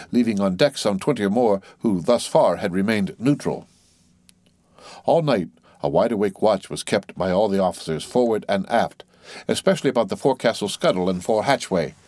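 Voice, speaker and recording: A man giving steady, measured scripted narration of a classic novel as an audiobook reader. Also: fairly low pitch, no room sound, studio quality.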